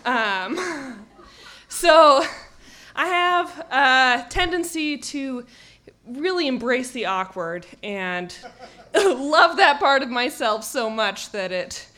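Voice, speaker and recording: A woman's voice: high-pitched, big pitch swings, slow, pushed and bright. A woman telling a funny personal story on stage at a live event, self-mocking and often laughing through her words.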